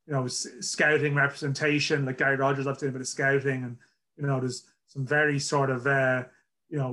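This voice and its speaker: A man's voice: mid-range voice, bright, forceful tone. A man from Ireland hosting a football podcast in casual chat, rambling and self-deprecating. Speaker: podcast host.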